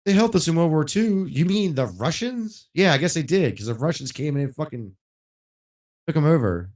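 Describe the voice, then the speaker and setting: A man ranting casually and bluntly while streaming a game, swearing often and getting louder when worked up. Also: a little high, expressive, moderate pace. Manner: blunt and profane, rising loud when worked up. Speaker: gaming livestreamer.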